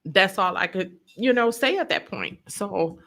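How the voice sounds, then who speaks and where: Bright-voiced woman telling a personal story. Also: mid-range voice, lively intonation, unhurried. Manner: vivid storyteller who acts out quotes. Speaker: podcast guest telling her story.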